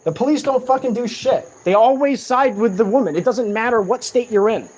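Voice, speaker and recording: A man's voice: very high-pitched, a little fast, a little mellow. A sleep-deprived man in an agitated, profane rant, speaking in a room of a shared home late at night. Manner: agitated, profane, repetitive ranting.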